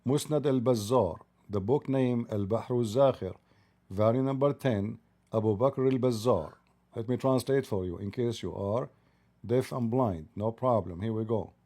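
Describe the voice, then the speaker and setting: A man's voice: medium pitch, moderate pace, warm tone. A man hosting a live-streamed religious debate, sarcastic and mocking, his voice rising as he argues. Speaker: debate host.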